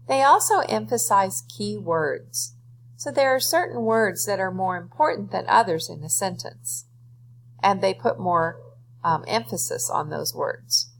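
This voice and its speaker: A woman's voice: medium pitch, expressive, a little slow, slight background noise, poor audio. A woman teacher giving a reading lesson, explaining step by step to her students and then reading a poem aloud.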